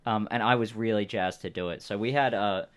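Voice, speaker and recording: A man's voice: fairly low pitch, fairly quick, fairly bright tone. A man, game master on a live stream, chatting and narrating in an easygoing, rambling way with many fillers.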